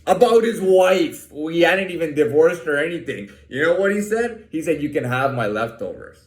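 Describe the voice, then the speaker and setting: A man's voice: fairly high pitch, lively intonation, normal speed, echoey room. A man ranting in an agitated monologue, swearing a lot and restarting his sentences. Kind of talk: profane monologue to camera.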